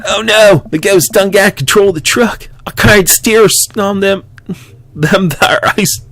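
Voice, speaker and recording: A man voicing a panicky hillbilly ghost-hunting trucker in a put-on rural Southern drawl, loud and exaggerated, reading game dialogue. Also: high-pitched, slow, no echo, pitched above the performer's own voice. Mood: panicked.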